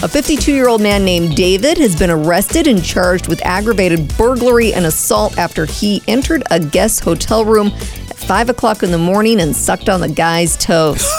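A woman co-hosting a radio comedy show. She sets up the bits briskly, with an amused lilt in her mid-range voice. Faint music plays underneath. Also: medium pitch, lively intonation. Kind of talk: morning radio banter.

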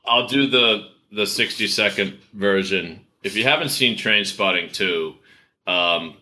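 Podcast co-host man: very bright tone, rambling, jokey, self-interrupting. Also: fairly low pitch, a little slow. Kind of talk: casual banter.

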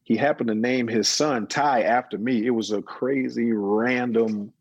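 A middle-aged man, an interview guest and business owner, talking casually and telling his story with lively quoted dialogue. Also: medium pitch, unhurried, dry recording, dull audio. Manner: storytelling, animated when quoting others.

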